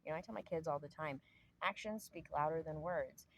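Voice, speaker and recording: Low-voiced woman, earnest rambling talk. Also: a little fast, slight background noise, poor audio. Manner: earnest, rambling, many fillers. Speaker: astrology channel host. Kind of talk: casual spiritual talk to camera.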